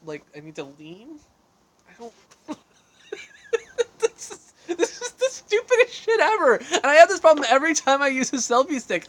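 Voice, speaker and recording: Male livestream host, slightly high voice, rambling and self-deprecating, outdoor deck, phone on a selfie stick. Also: a bit bright. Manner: rambling, self-deprecating, reads and answers chat aloud. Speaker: livestream host answering viewer questions. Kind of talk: casual livestream chat.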